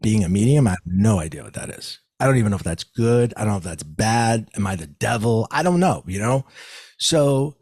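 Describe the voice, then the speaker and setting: A middle-aged man with a fairly low voice tells his story as an interview guest. He livens it up by acting out the people he quotes. The sound is close and dry. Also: brisk, husky, no echo. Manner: acts out quoted people with raised pitch, lively. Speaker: psychic medium guest.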